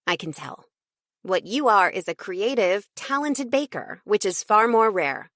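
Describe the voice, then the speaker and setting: A woman's voice: mid-range voice, sing-song, unhurried, a bit bright, dry recording, clean studio sound. A woman narrator voicing a polished young female assistant who speaks in an arch, exasperated way.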